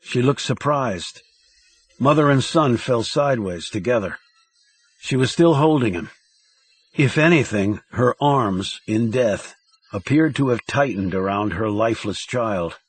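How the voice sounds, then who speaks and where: A man reading a thriller audiobook in a measured, dramatic narration style. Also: mid-range voice, expressive, husky.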